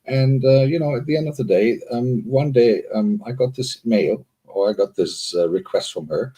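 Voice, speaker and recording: Co-hosting a live-streamed online party, this man speaks at normal speed with hardly any pauses in a warm, husky, medium-pitched voice. His chat is loose and rambling, full of fillers, and he cheerfully welcomes each viewer who joins.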